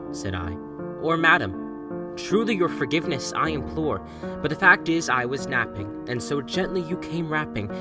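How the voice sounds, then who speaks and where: A man giving a brooding dramatic poetry recitation, dropping to whispers and rising for quoted lines. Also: fairly high pitch. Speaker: student performer. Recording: loud guitar music under voice. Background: guitar music.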